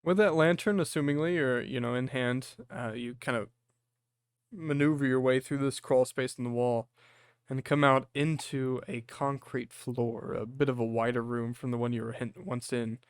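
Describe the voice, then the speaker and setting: Smooth-voiced man narrating as game master. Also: mid-range voice, fairly even intonation, dry recording, clean studio sound. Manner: descriptive, unhurried, with frequent fillers. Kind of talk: narrating a tabletop horror game.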